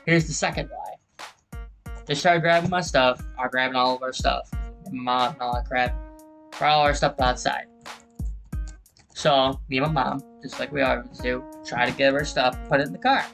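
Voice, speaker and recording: A man's voice: medium pitch, fairly even intonation, moderate pace, creaky, long pauses, fairly bright tone, faint music behind, low-quality recording. A man hosting his own gaming channel, telling a heated story over gameplay, swearing often and acting out what people said.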